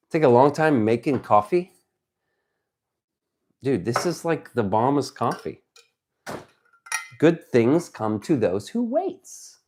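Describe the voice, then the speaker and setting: A man streaming live, chatting casually with viewers, reading their messages out, excitable and swearing as he jokes around. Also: mid-range voice, slow, long pauses. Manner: excitable, swearing, joking banter. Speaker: livestreamer.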